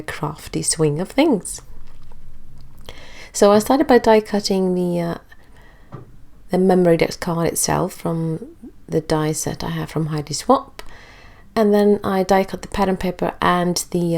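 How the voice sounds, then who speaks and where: A woman's voice: lowish voice, vocal fry, a little mellow. A woman narrating a craft tutorial in a chatty, easygoing way, sounding stuffy and congested. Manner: chatty and easygoing, with filler pauses. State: stuffy, recovering from illness.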